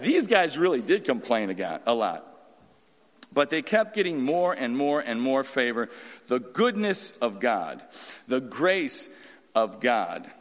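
Male pastor, folksy informal sermon, lively fairly high voice, long hall echo. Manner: folksy and animated, acting out quotes in voices.

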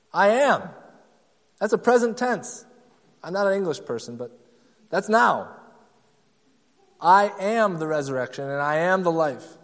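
A man's voice: a little high, big-room sound. A man preaching a sermon, emphatic and repetitive, acting out the people he quotes. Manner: emphatic, acts out quoted voices, repeats key phrases. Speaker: pastor.

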